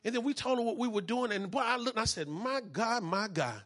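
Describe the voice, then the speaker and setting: With a very high voice and very fast delivery, this church pastor tells his testimony within a sermon. Call and response drives it, and he swells from quiet to loud.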